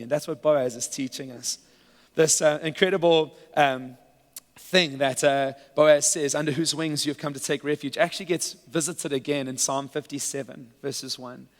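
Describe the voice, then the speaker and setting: A man preaching a sermon as pastor, earnest and at times playful with laughter. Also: on the high side. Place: church sanctuary. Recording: church hall with long reverb.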